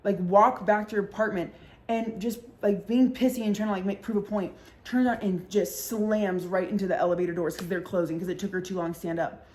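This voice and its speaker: Woman, podcast host, casual storytelling, filler-heavy, swears freely, mid pitch. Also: fairly even intonation, darkish tone. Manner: fast-talking, full of fillers and swearing.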